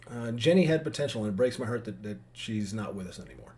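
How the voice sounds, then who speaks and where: Animated, heartfelt dad ranting to camera. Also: male voice, on the low side, quick pace, hardly any pauses. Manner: heartfelt, rambling, with restarts. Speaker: father addressing his daughters. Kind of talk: emotional vlog monologue.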